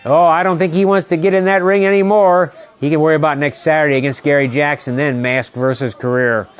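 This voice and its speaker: A man from St. Louis giving excited play-by-play commentary at ringside, repeating his calls and shouting at the big moments. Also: mid-range voice. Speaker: wrestling commentator. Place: ringside at a community center.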